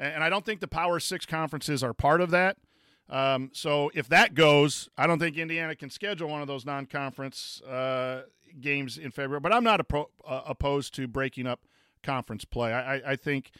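A man's voice: medium pitch, pushed and bright, clean tone, no room sound, clean studio sound. A man, a former coach co-hosting a casual sports chat, rambling with many fillers and restarts. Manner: reads chat comments aloud. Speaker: podcast co-host, former coach.

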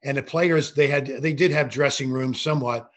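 An older man, a former referee, telling animated anecdotes in a casual interview, with frequent restarts. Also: mid-range voice, moderate pace. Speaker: guest, former basketball referee.

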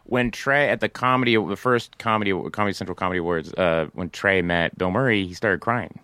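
A male comedian telling casual anecdotes on a podcast, animated and laughing often, slipping into voices. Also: lowish voice, brisk, clean tone, no echo. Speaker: comedian and guest storyteller.

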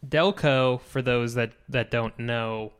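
A man's voice: mid-range voice, slow, clear, resonant tone. A man co-hosting a sports podcast in casual chat, matter-of-fact with teasing, dry humor. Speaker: podcast co-host.

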